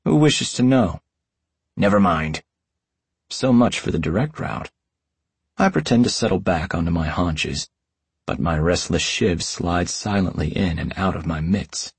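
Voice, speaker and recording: Deep, gravelly hardboiled narrator. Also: male voice, animated, normal speed, no echo. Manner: wry, hardboiled storytelling. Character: wisecracking tomcat detective narrating. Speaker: audiobook narrator. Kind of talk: first-person audiobook narration.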